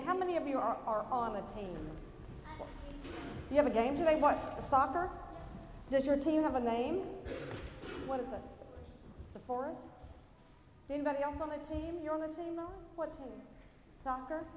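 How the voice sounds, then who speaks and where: A woman's voice: high-pitched, a little mellow. A woman giving a children's moment during a church service, upbeat, leading the kids in call-and-response cheers. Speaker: children's message leader. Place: large church sanctuary. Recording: echoey church hall, faint crowd and noise.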